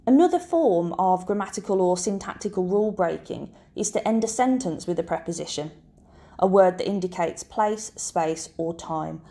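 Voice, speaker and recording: A woman teacher narrating a scripted lesson in a clear, measured, explanatory way. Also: lowish voice, animated, warm tone.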